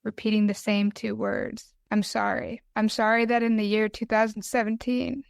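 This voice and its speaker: Woman, podcast guest, smooth clear voice, flat delivery, emotional and halting, dry close recording. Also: on the high side, no echo. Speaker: podcast guest, mental health advocate. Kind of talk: reading her own poem aloud, then conversational interview.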